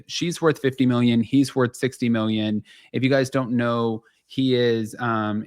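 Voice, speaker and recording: A man hosting a casual celebrity gossip show, chatty and animated, talking straight to his viewers in a slightly nasal voice. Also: on the low side, no room sound, studio quality. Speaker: host.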